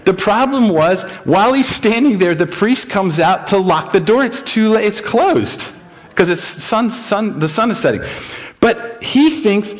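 A man's voice: sits high, expressive, unhurried. A middle-aged male pastor telling a story in a sermon, acting out the voices of the people in it.

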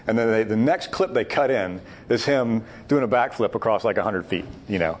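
A man's voice: fairly low pitch, expressive, moderate pace, few pauses. Emphatic man leading a Bible study. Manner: emphatic, thinks aloud with restarts. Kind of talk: teaching discussion.

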